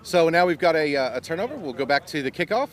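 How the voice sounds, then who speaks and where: A man's voice: fairly high pitch, very animated, quick pace. A man giving casual live commentary on a local football game outdoors, explaining the rules as he goes. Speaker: play-by-play commentator. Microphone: live stream mic.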